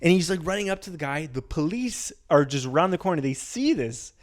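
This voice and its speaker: A young man with a Canadian accent tells a wild story on a comedy podcast, stumbling and restarting as he goes. His pitch leaps up whenever he acts out the people in the story. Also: fairly quick. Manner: animated storyteller, acts out voices loudly, stammers and restarts. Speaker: podcast co-host.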